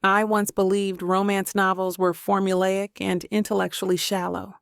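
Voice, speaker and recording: A woman voicing a polite, guarded male professor who speaks in a measured, careful way. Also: medium pitch, little pitch movement, vocal fry, clean tone, no room sound, studio quality, close to an everyday voice. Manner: measured and careful, slightly nervous.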